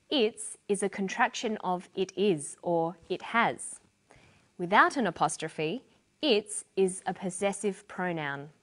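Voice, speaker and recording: A woman narrating a scripted English lesson as a teacher, speaking clearly and deliberately. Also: on the low side.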